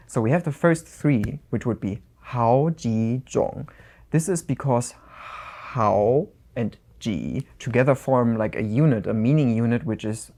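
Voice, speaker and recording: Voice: mid-range voice, darkish tone. A co-host on a language lesson podcast, explaining and repeating phrases in a conversational way.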